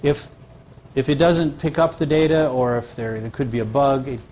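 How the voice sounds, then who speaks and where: A man's voice: medium pitch, normal speed, a little mellow, a little hiss or hum. A man presenting at a live question-and-answer session, often stopping and restarting mid-sentence.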